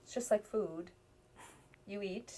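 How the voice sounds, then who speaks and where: A middle-aged woman, a healer, explaining things calmly in a conversational interview, sometimes dropping to a near-whisper. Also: medium pitch, slow.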